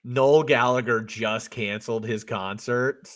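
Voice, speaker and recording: A man in casual podcast chat with an ordinary mid-range voice. He teases his co-host with dry, sarcastic jokes. His delivery stays relaxed and conversational. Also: mid-range voice, measured pace.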